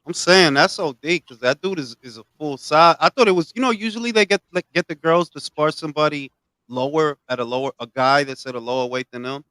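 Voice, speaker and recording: Slangy guy riffing on boxing, kinda high voice, dry close mic. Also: brisk, clear, resonant tone, no echo, low-quality recording. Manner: animated, profane, slangy. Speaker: podcast co-host. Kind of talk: casual boxing talk.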